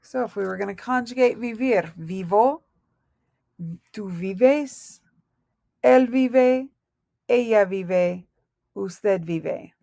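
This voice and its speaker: A Spanish teacher, a woman, patiently spells out verb endings letter by letter in a recorded language lesson. She speaks slowly at a medium pitch, mellow and with vocal fry, leaving long pauses. The sound is clean studio audio with no room sound.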